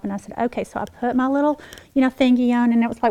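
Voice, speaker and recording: A middle-aged woman teaches a Bible lesson through her own testimony. Her voice sits a little high, and she tells the story with strong feeling, hushed in one moment and animated the next. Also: fast, rough recording. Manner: emotional storytelling, swings between hushed and animated.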